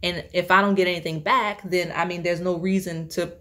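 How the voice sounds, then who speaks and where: A woman's voice: lowish voice, steady tone, a little fast, a bit bright. A young woman giving a casual tarot reading, chatty and rambling, with many fillers and frequent laughs. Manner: laughs often. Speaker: tarot reader.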